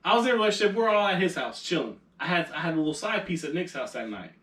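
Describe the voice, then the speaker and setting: A man's voice: a little high, sing-song, racing, fairly bright tone. A young man co-hosting a podcast, telling a story in casual chat, laughing and acting out the quotes. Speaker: podcast co-host. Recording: echoey room, a little far from the mic.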